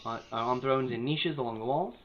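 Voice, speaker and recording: A man's voice: medium pitch, brisk. A man running a tabletop game as game master, narrating scenes with frequent fillers and restarts. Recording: tinny phone-like call with faint hiss.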